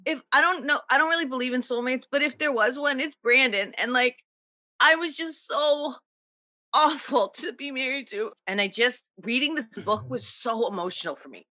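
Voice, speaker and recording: A woman's voice: sits high, moderate pace, pushed and bright, dry recording. A woman co-hosting a book club podcast, telling candid, emotional stories in casual chat.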